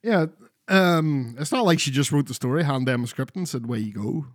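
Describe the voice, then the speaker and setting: A man's voice: medium pitch, animated, normal speed, no room sound, studio quality. A man chatting casually about video games as a podcast co-host, rambling and swearing freely. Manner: sweary, rambling, restarts a lot.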